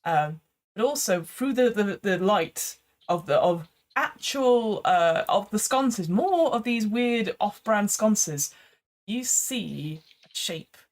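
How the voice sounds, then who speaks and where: A woman's voice: mid-range voice, expressive, slow. A woman running an improvised tabletop game as game master, chatty and often laughing, on a remote call. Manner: chatty, laughing, hesitant restarts. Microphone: remote call microphone.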